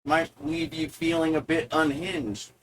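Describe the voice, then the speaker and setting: A man delivering a provocative monologue to the viewer, sardonic and deliberate, halting often to find his words. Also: a little high, flat delivery, a bit bright, a little hiss or hum, low-quality recording. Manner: mock-lecturing, talks straight to the viewer. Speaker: video essayist.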